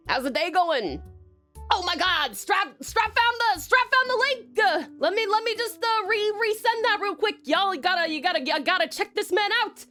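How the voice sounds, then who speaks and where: Giggly rambling woman on a live stream, high bouncy voice, soft music in the background. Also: lively intonation, normal speed. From Tasmania, Australia. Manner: giggly, rambling, greets viewers warmly. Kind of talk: casual live-stream chat.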